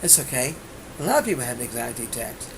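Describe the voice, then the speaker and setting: A woman's voice: very deep voice, very animated, fast talker, slight background noise. A woman hosting her own comedy talk show, rambling through a monologue with brash jokes and many restarts. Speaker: host and comedian.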